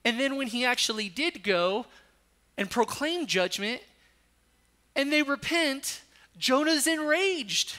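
High bright-voiced male preacher. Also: expressive, measured pace, pauses often. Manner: rises sharply when voicing Jonah's anger; reads scripture aloud between teaching points. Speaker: pastor. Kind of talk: sermon.

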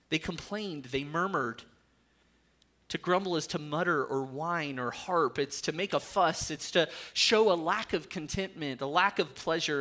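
Male pastor, earnest sermon delivery with dry humor, high bright voice. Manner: earnest preaching with dry jokes.

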